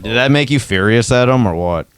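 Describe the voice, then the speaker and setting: A man's voice: mid-range voice, lively intonation, a little fast, clear, resonant tone. A man co-hosting a conversational interview, asking direct, pointed questions.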